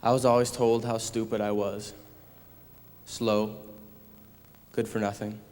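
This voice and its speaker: Flat-voiced low young man, hall echo. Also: unhurried. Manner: plain, solemn recounting. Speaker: son giving a talk. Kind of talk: personal testimony talk. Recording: echoey hall with long reverb.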